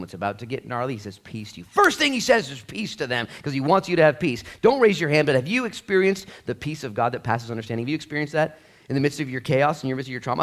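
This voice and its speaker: A middle-aged man preaching a sermon in a church, animated, acting out dialogue and swinging between loud bursts and hushed asides. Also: mid-range voice. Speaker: pastor.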